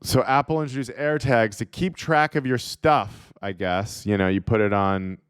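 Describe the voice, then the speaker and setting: A man's voice: medium pitch, steady tone, moderate pace, smooth, dry recording, clean studio sound. A man hosting a comedy show, riffing sarcastically through a monologue and laughing at his own jokes. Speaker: comedian host.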